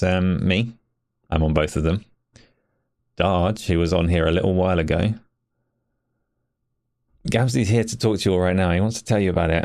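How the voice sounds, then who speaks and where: A man's voice: deep voice, gravelly, darkish tone. A man hosting a casual live stream, chatty and rambling, shivering from the cold. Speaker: stream host.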